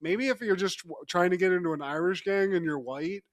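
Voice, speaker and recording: A man's voice: high-pitched, brisk, no room sound. A man co-hosting a podcast, recapping a TV episode in casual chat, joking and laughing often. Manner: jokey, laughing often, slips into mock voices. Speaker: podcast co-host.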